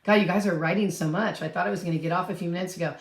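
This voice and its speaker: A woman's voice: fairly low pitch, fairly even intonation, very fast. Chatty woman hosting an echoey livestream. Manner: chatty, rambling, reads out viewer comments. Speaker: real estate agent, livestream host. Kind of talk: casual livestream chat answering viewer questions.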